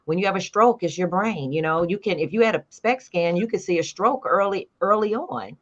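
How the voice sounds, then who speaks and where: A woman guest in a casual interview, telling a long story with lively acted-out quotes. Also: mid-range voice, brisk. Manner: animated storyteller acting out quoted dialogue. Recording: dull lo-fi sound.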